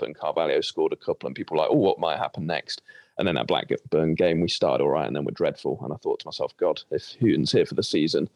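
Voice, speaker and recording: A man's voice: a bass voice, darkish tone, dry recording. A man speaking as a podcast guest, dry and wry about football results. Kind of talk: casual football podcast chat.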